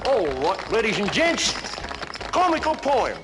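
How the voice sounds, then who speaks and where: A man's voice: high voice, wildly swooping pitch, unhurried, full character voice. A jaunty young songwriter showman. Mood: playful. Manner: mock-grand announcing. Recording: film clip, distant, under loud music.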